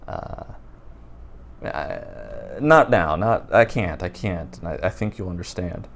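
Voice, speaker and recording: A man talking off the top of his head in an unedited video, rambling and halting with many restarts. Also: sits low, animated. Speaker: book vlogger. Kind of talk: unscripted casual talk to camera. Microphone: raw unedited recording.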